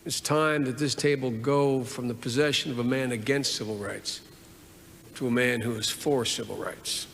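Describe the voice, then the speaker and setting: A gruff, fatherly old Southern senator speaks in a slow, repetitive drawl, as a man quotes him in a eulogy. The voice is gravelly and a little raised. A large hall adds long reverb over faint noise. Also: mid-range voice, steady tone, fairly bright tone. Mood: solemn.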